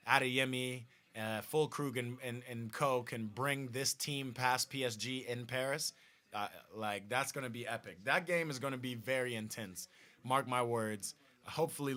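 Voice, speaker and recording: A man hosts a football watch-party stream, talking loosely and reading viewers' comments aloud. His voice is bright and forceful, sits at a medium pitch, and his sentences often stop and restart. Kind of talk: casual live-stream football chat.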